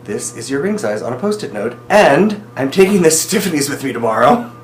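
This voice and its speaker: A young man recording a casual video diary for his partner, talking in an excited, emotional, rambling way. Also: mid-range voice, a little fast, echoey room, slight background noise.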